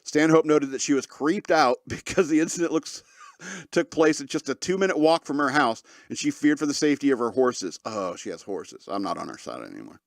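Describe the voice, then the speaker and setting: Sarcastic, animated male podcast host. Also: mid-range voice, brisk, gravelly, dry recording, studio quality. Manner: sarcastic, joking, laughs often mid-sentence. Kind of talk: casual comedic commentary on news.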